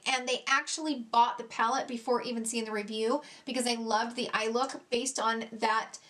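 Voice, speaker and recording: A high-pitched woman chatting through a casual makeup review. She gushes over what she loves, drops casual curses and laughs at herself when things go wrong. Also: fairly even intonation, normal speed, few pauses, a bit bright. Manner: chatty, gushing, swears casually, self-mocking. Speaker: beauty vlogger. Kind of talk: casual product review chat.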